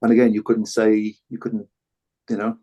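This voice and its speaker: A man's voice: on the low side, monotone, moderate pace, dark tone, highs cut off. An older Welsh man, a former rugby fullback, talking reflectively as a podcast guest, often repeating words and restarting. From Wales. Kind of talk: reflective interview talk.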